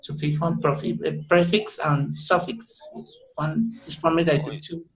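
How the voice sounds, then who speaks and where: A male student with a mother tongue, presenting in a class over a video call. He talks haltingly, full of fillers and self-corrections. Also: on the high side, crowd noise, poor audio. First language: Spanish.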